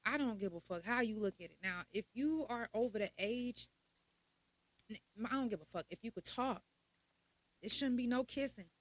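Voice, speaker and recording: A young adult woman, hosting a podcast in a blunt, profane, animated casual monologue. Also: fairly high pitch, normal speed, pauses often, no room sound. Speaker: podcast host.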